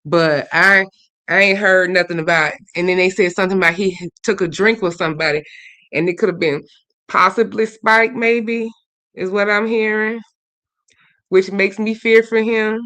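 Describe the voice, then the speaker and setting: Bright-toned gossiping stream host, woman. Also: mid-range voice, fairly even intonation, normal speed, no room sound. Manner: chatty, gossipy, swings between loud and muttered. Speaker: livestream host. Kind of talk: casual livestream chat reading comments.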